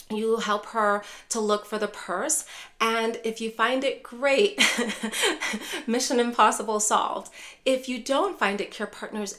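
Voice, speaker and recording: A woman's voice: medium pitch, a bit bright. A woman neuropsychologist teaching dementia caregivers in a direct-to-camera lesson, repeatedly addressing viewers as care partners.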